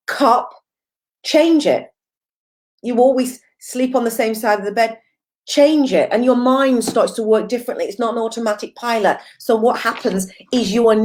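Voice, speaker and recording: Her mid-range, slightly mellow voice carries an upbeat, chatty live stream in which this woman, a mindfulness coach, responds to viewer comments. She often repeats herself and leans on filler words.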